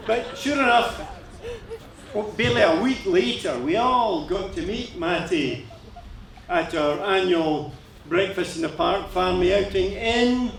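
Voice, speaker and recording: A man's voice: high voice, a little slow, gravelly. A man giving a jovial wedding toast at a reception. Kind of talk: wedding speech. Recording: echoey hall from far off, crowd noise.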